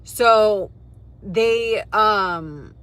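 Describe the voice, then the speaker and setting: A young woman chatting casually to her live stream viewers, animated and full of fillers and swearing. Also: mid-range voice, very slow, clean tone. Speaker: livestreamer. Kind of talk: casual storytelling to a live chat.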